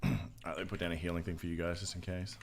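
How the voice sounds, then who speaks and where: A young man streaming a game, chatting casually with a relaxed, joking manner and casual swearing. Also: low-pitched, rapid-fire. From Australia. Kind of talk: casual gameplay chat.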